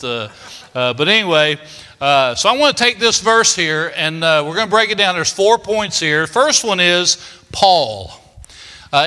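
An older man, his voice high and very bright. He tells stories in a folksy, homespun way, with many "uh" fillers. His words ring with the long reverb of a big church hall. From Kentucky, United States. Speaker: preacher. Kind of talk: storytelling sermon.

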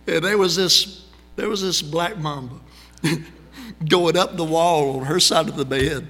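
A middle-aged man with a drawl preaches in a folksy, conversational way, spinning stories from the pulpit. His voice is bright and forceful, sitting a little high for a man. It rings out with a long hall reverb. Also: measured pace. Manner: folksy, conversational, animated storytelling. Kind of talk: storytelling sermon.

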